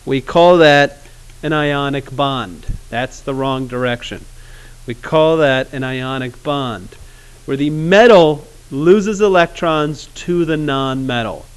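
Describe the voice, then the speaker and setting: A man teaching chemistry in a classroom, casual and joking, with awkward pauses. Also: mid-range voice, clear, resonant tone. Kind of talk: classroom lecture.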